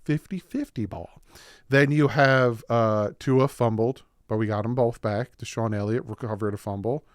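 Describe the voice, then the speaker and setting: A man hosting a casual football recap video, excited and winded, rattling off game stats. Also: medium pitch, normal speed, no room sound, studio quality. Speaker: sports video host.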